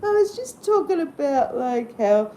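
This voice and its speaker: A woman's voice: sits high, sing-song, a little slow, warm tone, a little hiss or hum. A middle-aged Australian woman chatting casually on her live stream, rambling and self-deprecating and laughing easily at herself.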